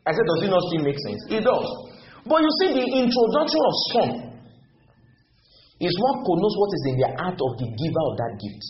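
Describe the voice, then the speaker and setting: A man's voice: high-pitched, sing-song, fairly quick, a little hiss or hum. A man preaching a sermon as pastor, emphatic and often questioning his congregation. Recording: roomy, dull church recording.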